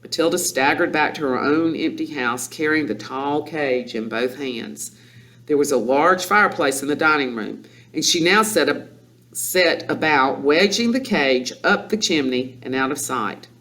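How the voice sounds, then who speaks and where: Bright lively male storyteller. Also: on the high side, a little slow. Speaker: audiobook reader. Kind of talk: storybook narration.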